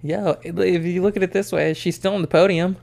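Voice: mid-range voice, steady tone, brisk, creaky, darkish tone. A young podcast co-host, hesitant and giggly, often trailing off mid-sentence. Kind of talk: casual podcast banter.

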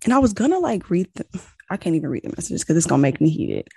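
A young woman chatting casually, telling a long story with animated retellings of quoted exchanges and lots of "like.". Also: lowish voice, fast talker, gravelly, slightly rough, dry recording. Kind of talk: casual chat.

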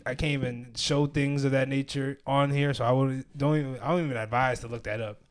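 A man's voice: medium pitch, fairly even intonation, brisk, clear, resonant tone. A young man hosting a podcast, telling stories in casual chat with lots of slang and frequent laughter. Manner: loose slang-heavy storytelling, laughs often. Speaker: podcast host.

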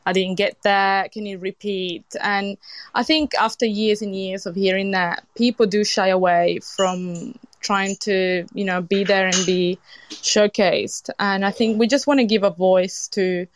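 A woman's voice: medium pitch, unhurried, no echo. Chatty Italian-accented woman chef. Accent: Italian, with a British tinge. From Sicily, Italy. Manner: lively and expressive, with frequent restarts. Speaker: chef and event organiser, guest. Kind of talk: casual interview talk.

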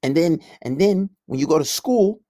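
A man's voice: a little high, expressive, moderate pace, warm tone, no echo, studio quality. A man who coaches men, delivering a blunt, combative, profanity-heavy rant. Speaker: men's coach. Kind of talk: profane ranting monologue.

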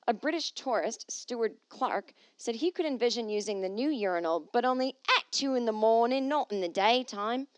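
A woman's voice: on the high side, expressive, normal speed, few pauses, dry recording. A woman hosting a comedic solo podcast, reading news aloud and riffing on it sarcastically, swearing freely. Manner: sarcastic, swears freely, slips into silly put-on voices.

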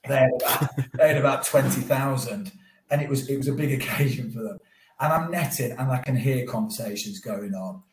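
Male guest, mid-pitched, lively raconteur, roomy off-mic sound. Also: moderate pace, recorded from a distance. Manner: animated storyteller, acts out his own thoughts. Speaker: guest, former cricketer. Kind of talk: podcast interview storytelling.

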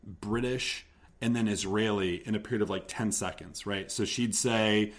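A man co-hosting a podcast in casual chat, rambling and often trailing off softly. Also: on the low side, fairly even intonation, moderate pace. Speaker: podcast co-host.

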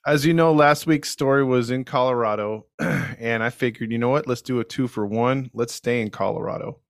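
A man narrating a story on a podcast in a loose, joking, conversational way, pausing on ums and restarting his sentences. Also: mid-range voice, no echo, studio quality.

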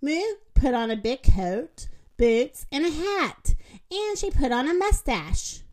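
A woman reading a children's picture book aloud. Her voice is high and very lively, and she takes her time over every line. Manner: slow, expressive read-aloud. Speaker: storyteller.

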